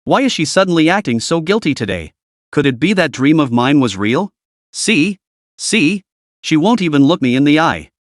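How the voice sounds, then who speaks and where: A man's voice: on the high side, very animated, normal speed, no echo, studio quality. A man voicing a cocky, crude young man who swears his way through trouble. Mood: suspicious. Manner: blunt, swearing inner monologue.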